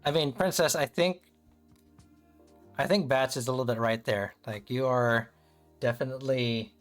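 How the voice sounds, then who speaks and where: On a livestream with faint music behind, a male streamer does a casual tarot reading, talking loosely, checking in with his audience, and sprinkling in "kind of" and "right?". His voice is medium-pitched and moves at a moderate pace.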